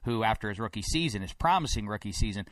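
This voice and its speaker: Animated sports talk host, dry studio. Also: male voice, fairly low pitch, quick pace, no room sound. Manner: rambling, grows animated and emphatic. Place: broadcast studio.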